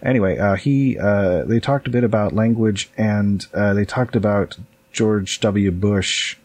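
A man's voice: fairly low pitch, measured pace, darkish tone. A man co-hosting a casual podcast, chatting with hesitant fillers. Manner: chatty, hesitant, often says "uh". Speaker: podcast co-host. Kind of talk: casual chat.

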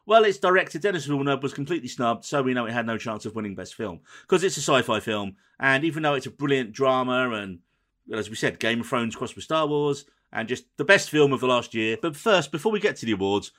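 A man hosting a podcast, running through the episode rundown in a quick, dry, teasing manner. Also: mid-range voice, expressive, a bit bright. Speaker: podcast host. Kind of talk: casual podcast chat.

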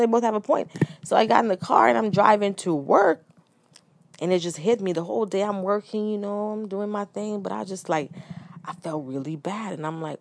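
A woman's voice: medium pitch, fairly quick, gravelly, a little mellow, dry recording. A woman in her thirties hosting a personal podcast, telling a story in a candid, reflective way with frequent restarts and asides. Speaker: podcast host.

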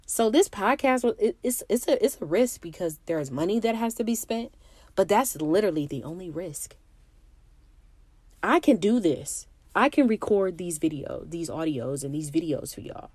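A young woman talks straight to her listeners in a candid, emphatic motivational monologue. Her voice sits a little low for a woman. It is recorded close on a mic, dry with no room sound. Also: animated, moderate pace, a little mellow, slightly rough, no room sound. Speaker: podcast host.

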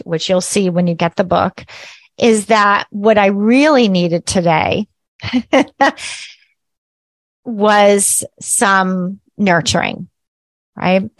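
A woman hosting a casual spiritual teaching talk, chatty and lively, laughing at herself and often checking in with "right?". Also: medium pitch, dry recording.

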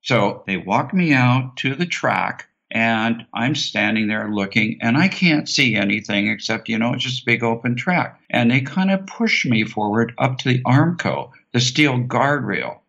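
A man telling a long personal anecdote as an interview guest, animated and acting out the voices of the people in it. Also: mid-range voice, unhurried, creaky, few pauses. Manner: animated, acts out quoted voices. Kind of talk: anecdotal storytelling. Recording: dull lo-fi sound.

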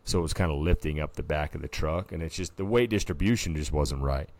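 Man, podcast co-host, very low voice, dry close sound, animated storyteller. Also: fast, no echo. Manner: animated storytelling, peppered with filler words. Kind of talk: casual chat.

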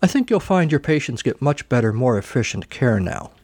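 A man doing a slow, solemn adventurer. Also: medium pitch, big pitch swings, darkish tone, no echo. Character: grandiose male adventurer with torch, calm and odd.

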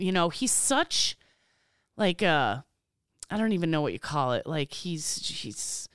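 A woman tells stories in a casual podcast chat. Her low voice swings widely up and down, and the tone stays smooth. The sound is dry and close. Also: measured pace, no room sound. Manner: animated storyteller, swears freely, laughs often. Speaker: podcast co-host.

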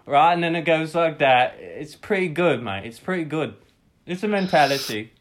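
A man playing a deadpan guest in a comedy sketch who talks a little high. He offers ridiculous invented sayings in a matter-of-fact, confident way. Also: normal speed. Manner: deadpan, offers absurd fake British sayings. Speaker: guest playing a British business contact.

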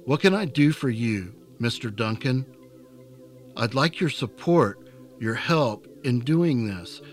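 A man voicing a thoughtful, cautious middle-aged village priest who speaks gently and carefully in a novel reading. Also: mid-range voice, animated, slow pace, faint music behind. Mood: guarded. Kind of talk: scripted narration.

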